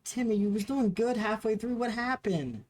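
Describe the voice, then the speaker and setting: A man's voice: sits high, expressive, normal speed, a little mellow, pitched above the performer's own voice. Tabletop game: male GM doing a tall half-elf teacher woman, patient, mild. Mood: gentle. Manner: mild, sighing.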